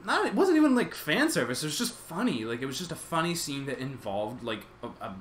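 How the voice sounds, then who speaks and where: A man's voice: mid-range voice, very animated, brisk, a little hiss or hum. A young man streaming live, rambling casually as he reacts to his chat and to videos, with lots of "like" and restarts.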